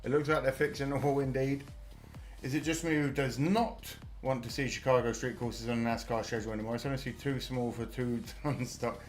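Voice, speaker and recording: A man's voice: mid-range voice, steady tone, a little fast. British male host, live reaction commentary, casual and jokey, mid voice, faint music bed. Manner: chatty, laughs often, casual swearing.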